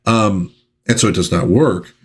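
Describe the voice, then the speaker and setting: A man's voice: fairly low pitch, measured pace, a little hiss or hum. A man hosting a casual comic book review, chatting in a loose, rambling way with fillers and reading panel dialogue aloud. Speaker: pop culture channel host.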